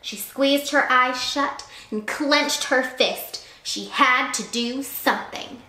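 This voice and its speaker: A high-pitched woman reads slowly from a picture book to children in her role as teacher. She narrates with animation and expression, tossing in small asides, while a roomy echo surrounds her voice.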